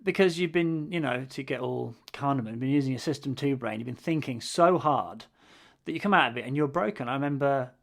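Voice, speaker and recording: Male co-host, gravelly mid voice, dry complaining humor, chatty podcast. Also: medium pitch, brisk. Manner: wry, grumbling humor with frequent restarts. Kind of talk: casual chat.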